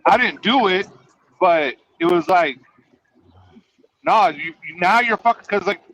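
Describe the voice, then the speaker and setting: High-voiced, profane trucker host. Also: male voice, measured pace, fairly bright tone, slight background noise. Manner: profane, rambling, teasing. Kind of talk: casual chat. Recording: dull lo-fi audio.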